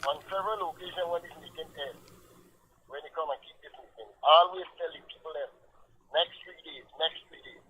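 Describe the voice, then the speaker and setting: A man with a Guyanese accent calling in, speaking haltingly with uneven loudness and repeated words. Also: a little high. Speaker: caller, local councillor. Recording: phone line with faint hiss.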